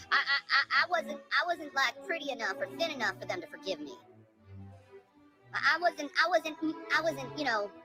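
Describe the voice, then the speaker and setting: A high-pitched woman vents in a stammering, swearing rant with a fed-up edge. Her voice leaps up and down in pitch as she talks. A cheerful old song plays loudly underneath. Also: expressive, moderate pace, rough recording. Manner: profane, stammering, exasperated. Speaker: vlogger. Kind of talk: angry ranting monologue. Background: music.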